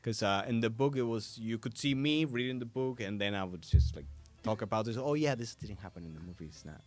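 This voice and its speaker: A male voice actor sits in a podcast studio as the guest, his voice a touch congested. He speaks in a lowish register and tells stories with lively jumps into quoted voices. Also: a little fast, soft background music. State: a little congested. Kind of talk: casual interview chat. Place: podcast studio in a hobby shop.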